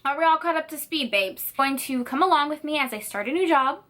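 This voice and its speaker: A woman's voice: high-pitched, animated, fairly quick, a bit bright. A woman in her twenties chatting in a reading vlog, bubbly and gushing, with lots of fillers. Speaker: book vlogger.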